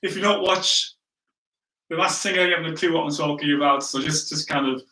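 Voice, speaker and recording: A man's voice: a little high, brisk, sharp tone. A man preaching a sermon, telling a story in a chatty, self-mocking way and often checking in with the listeners. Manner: chatty, self-mocking, frequent "right?" asides. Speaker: pastor. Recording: echoey room, distant from the mic.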